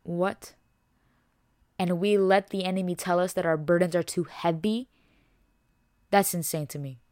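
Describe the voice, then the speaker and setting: A woman's voice: lowish voice, steady tone, unhurried, a little mellow, no echo, studio quality. A young woman hosting a faith podcast, preaching with passion and emphasis, repeating herself and dropping casual words like y'all and bro. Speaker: podcast host.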